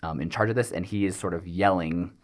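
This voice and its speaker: A man narrating a tabletop game as game master, pausing often with ums as he describes scenes. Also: sits low. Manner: hesitant, many ums while describing scenes.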